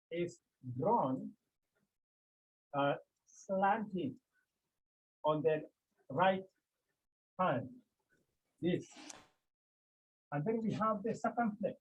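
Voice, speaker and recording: A man teaching a class, speaking slowly and repeating key terms as he explains step by step. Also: high voice, breathy edge, dull audio. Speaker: Greek teacher. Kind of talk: classroom lesson.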